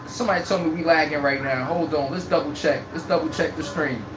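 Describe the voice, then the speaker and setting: A man's voice: a little high, fairly even intonation, fast. A brash man holds forth on a live sports fan stream, talking trash and cackling at his chat. His voice rings out in a roomy space with a faint hiss of noise behind him. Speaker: sports livestream host.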